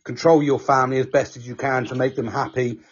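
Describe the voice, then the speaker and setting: A man's voice: mid-range voice, little pitch movement, fast, husky. A man hosting a podcast, talking casually and giving reassuring advice, calling people mate. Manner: reassuring, calls everyone mate. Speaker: podcast host. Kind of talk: casual chat. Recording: dull lo-fi audio.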